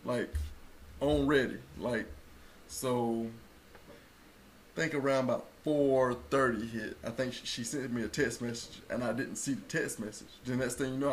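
A man telling a story in casual chat, acting out quotes and rising to loud bursts. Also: medium pitch, slight background noise. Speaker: co-host telling a birth story.

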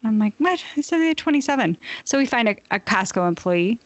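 A woman in casual chat, telling a profane, animated story full of laughs. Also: fairly high pitch, fast.

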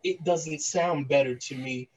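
A man guesting on a casual online hip-hop chat. His voice sits a little higher than most men's. He talks with enthusiasm, rushing his points out in quick bursts. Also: poor audio.

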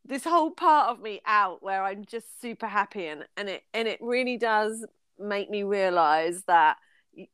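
A woman in her forties co-hosts a podcast in an easy, chatty way, laughing as she goes. Her voice is smooth and clear. The recording is dry and close to the mic. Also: medium pitch, animated, normal speed, fairly bright tone, dry recording. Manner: chatty, laughs often, sings snatches of songs. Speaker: podcast co-host. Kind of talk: casual chat.

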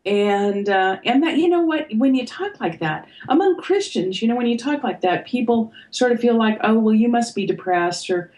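A woman's voice: a little high, animated, normal speed, few pauses, poor audio. Older woman musing about faith. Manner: thoughtful, hesitant, with fillers and soft laughs. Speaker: author and podcast guest. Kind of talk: reflective conversation.

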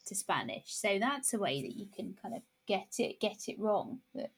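A woman in casual conversation, talking thoughtfully with frequent restarts and pauses. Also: medium pitch, very animated, slightly rough.

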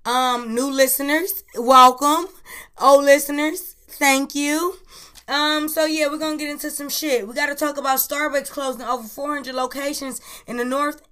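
A woman hosting a casual news chat podcast, talking in a profane, lively way and recorded on an iPhone. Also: high voice. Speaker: podcast host.

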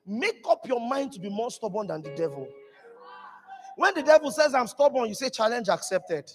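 Animated high-voiced male preacher. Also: normal speed, big-room sound, soft background music. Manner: emphatic, animated preaching with shouted peaks and acted quotes. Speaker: pastor. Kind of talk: sermon. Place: church hall.

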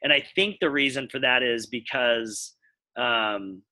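A man's voice: mid-range voice, measured pace, pushed and bright. An American man co-hosting a podcast, explaining things at length in casual chat while thinking aloud. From United States. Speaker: podcast co-host.

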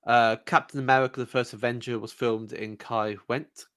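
A man's voice: mid-range voice, flat delivery, moderate pace, fairly bright tone, smooth. A man from England co-hosting a podcast in casual chat, hesitant with lots of ums and repeated words. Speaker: podcast co-host.

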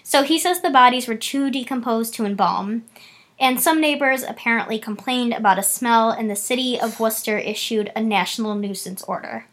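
Chatty woman with a higher voice. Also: fairly bright tone. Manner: chatty, fast bursts, laughs often. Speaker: podcast co-host. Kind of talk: casual chat reading news stories.

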